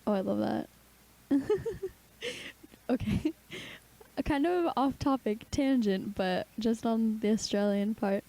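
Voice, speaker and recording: Young woman, podcast co-host, mellow voice, chatty, tired, lots of fillers. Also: a little high, takes it slowly, vocal fry. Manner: chatty, says "like" often, tired. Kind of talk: casual chat.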